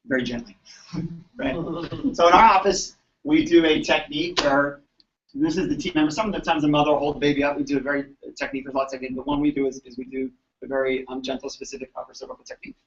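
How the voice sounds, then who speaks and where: A man telling an animated story to a live audience, acting out the voices of the people in it. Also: a little high, fast. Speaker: chiropractor. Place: event floor at a convention. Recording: distant mic, dull lo-fi sound.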